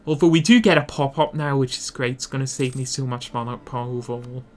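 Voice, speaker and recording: A man with a mid-range, slightly mellow voice speaks fast while narrating an instructional strategy game guide. He explains his plans, thinking aloud and correcting himself along the way.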